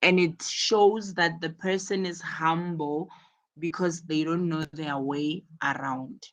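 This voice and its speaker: A woman's voice: low voice, fairly even intonation, slow. A woman teaching an English lesson, explaining each point carefully and repeating words for emphasis. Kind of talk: classroom explanation.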